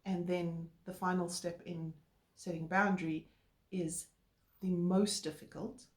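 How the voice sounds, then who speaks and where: A woman co-hosting a relationship talk, explaining calmly and earnestly with filler words. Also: lowish voice, a little slow. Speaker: co-host. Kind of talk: casual chat. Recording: roomy echo.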